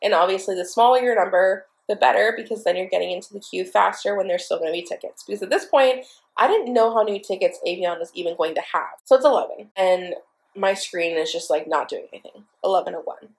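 A young woman hosting her own podcast, telling a story in an excitable, profane, breathless way. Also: medium pitch, fast talker, vocal fry. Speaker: podcast host. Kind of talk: casual storytelling monologue.

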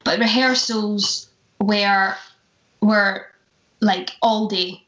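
Very slowly and with fairly even intonation, a young stage performer from Glasgow tells stories as a guest, full of laughter and acted-out quotes in a chatty style. She's a musical theatre performer with a mid-range, fairly bright voice, heard through a roomy, dull lo-fi recording.

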